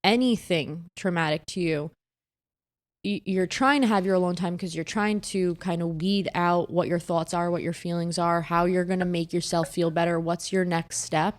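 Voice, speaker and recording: A young woman with a fairly low voice talks frankly on a casual podcast. She tells personal stories openly and gets animated whenever she acts out what other people said. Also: moderate pace. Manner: candid, animated storyteller who acts out quoted people. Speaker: podcast co-host. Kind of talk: casual chat.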